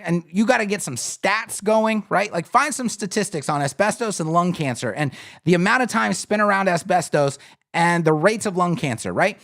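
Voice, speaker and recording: A man's voice: sits high, expressive, moderate pace, fairly bright tone. A man hosting a live-streamed website critique, talking in an emphatic, conversational way and often asking "right?". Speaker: web design critique host.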